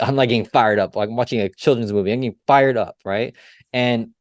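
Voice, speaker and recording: A young man co-hosting a casual motivational business talk. He is energetic, asks rhetorical questions and keeps adding "right?" and "like". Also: medium pitch, quick pace, dry recording, studio quality. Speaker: podcast co-host and business coach.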